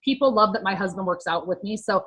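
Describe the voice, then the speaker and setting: A woman's voice: mid-range voice, quick pace, a bit bright, husky, rough recording. Chatty upbeat woman giving social media tips. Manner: chatty, upbeat, lots of fillers.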